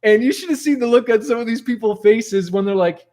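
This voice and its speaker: A rap rock musician with a very high-pitched, brisk voice tells stories from his past in a motivational talk to camera. He's animated and conversational, sprinkling in lots of "like" and "okay?"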